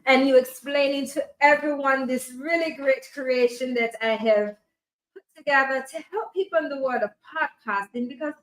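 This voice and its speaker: A woman's voice: high-pitched, normal speed, a bit bright, reverberant, poor audio. A woman voicing a prim, polite female tech professor in a put-on British accent that keeps slipping, formal and genteel. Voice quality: accent that slips and wobbles. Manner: formal and genteel, says "dear".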